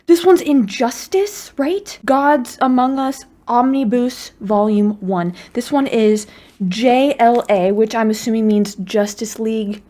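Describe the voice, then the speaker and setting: Bubbly, excitable woman YouTuber. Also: on the high side, a little slow. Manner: bubbly, excitable, chatty with playful asides. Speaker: YouTuber unboxing fan mail. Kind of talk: casual chat to camera. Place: at home in her apartment.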